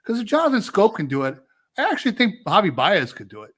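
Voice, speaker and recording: A man with a slightly higher voice co-hosting a casual sports podcast. He thinks out loud and poses questions in a relaxed, conversational way. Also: fast talker. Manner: thinking aloud, asking questions. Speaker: podcast co-host.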